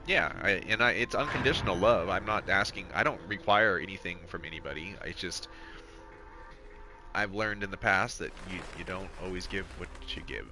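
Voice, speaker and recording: A middle-aged man streaming a game and chatting casually, excitable and swearing at the game. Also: low-pitched, moderate pace, pauses often. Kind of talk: casual live stream chat. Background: game music.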